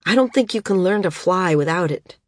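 A woman voicing an older male healer in an audiobook, speaking quietly and gravely. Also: fairly low pitch, animated, no echo, clean studio sound. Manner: quiet and measured. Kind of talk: audiobook character voice.

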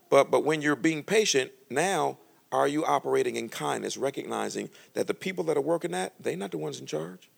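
A man preaching a sermon as pastor, joking between slow, emphatic scripture readings. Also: fairly high pitch, creaky. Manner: lively, humorous preaching, reads scripture slowly and loudly.

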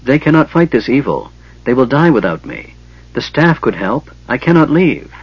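A man's voice: mid-range voice, very animated, normal speed, husky, dry recording, pitched above the performer's own voice. A man voicing a grieving, determined woman chieftain and priestess, speaking in an impassioned, pleading way, on a slightly dull recording. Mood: desperate.

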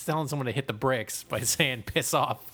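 Speaking a little fast in a mid-range voice, this podcast co-host has a nasal American Midwestern accent. He trades casual banter, animated, swearing, and laughing.

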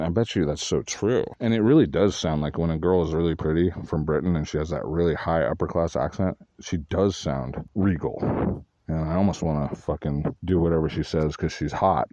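A man with a very low, mellow voice rambles through a casual monologue, swearing freely and drifting from one story to another. The recording is dry and close. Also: no room sound, lo-fi sound. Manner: meandering, profane, jumps between stories.

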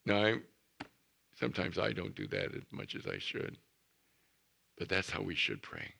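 Deep, gravelly-voiced preacher. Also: male voice, big pitch swings, unhurried, long pauses, pushed and bright. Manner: earnest, emphatic, storytelling. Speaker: pastor. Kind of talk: sermon.

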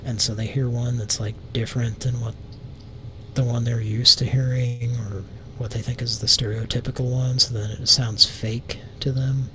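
A man with a Southern US accent hosts a live prank call show, rambling casually and swearing freely. His tone is level and his pace moderate, with a noisy rumble in the background.

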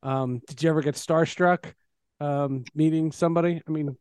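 A man's voice: a little high, steady tone, moderate pace, darkish tone, clean tone, dry recording, studio quality. A man hosting a podcast who asks questions in a chatty, hesitant way with many fillers. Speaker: podcast host. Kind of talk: casual interview.

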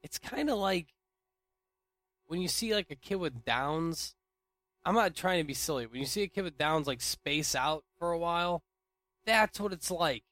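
A young man casually rambling through an anecdote, restarting sentences and swinging between loud bursts and near mumbles. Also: a little high, lively intonation, moderate pace, no echo. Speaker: storyteller.

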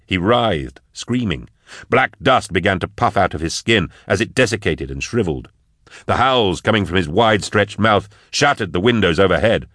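A man giving steady, measured scripted narration of an audiobook. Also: on the low side, no room sound, clean studio sound.

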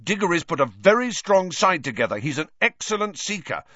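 Obsessive teen captain, urgent and driven, voiced by a male narrator, pushed-up pitch. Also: very animated, fairly quick, bright, forceful tone, no room sound, full character voice. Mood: intense. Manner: urgent and insistent. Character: intense teenage boy team captain, obsessive. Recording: dull lo-fi dry recording.

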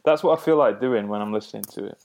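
A man's voice: fairly low pitch, fast talker, a little mellow. Easygoing man co-hosting. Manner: easygoing, joking banter with a dry edge. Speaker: co-host of a music podcast. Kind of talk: casual chat.

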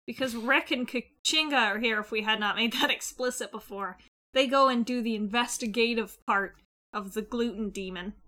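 A woman co-hosting a casual podcast recap, her voice sitting a bit high with a bright, forward edge. She stays blunt and wry, dropping in cheeky swear words. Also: moderate pace. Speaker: podcast co-host. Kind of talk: casual chat recapping a cartoon episode.

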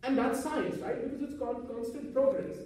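A man's voice: very high-pitched, steady tone, moderate pace, dark tone. Earnest man lecturing in an echoey hall. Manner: earnest, rhetorical questions. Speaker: speaker on Vedanta. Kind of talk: public talk to an audience. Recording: echoey hall, mic from far off.

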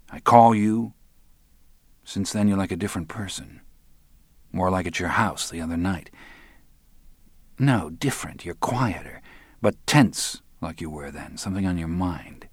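A man's voice: deep voice, unhurried, no room sound. A man reading the part of an earnest, persistent man questioning a woman in an audiobook. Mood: probing. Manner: persistent, probing. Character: earnest middle-aged man pressing a woman.

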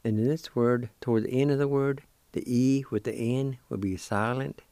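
A man's voice: medium pitch, steady tone, normal speed, mellow, no echo. A man teaching a language lesson, spelling words letter by letter and repeating syllables carefully. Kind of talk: slow spelling and pronunciation lesson.

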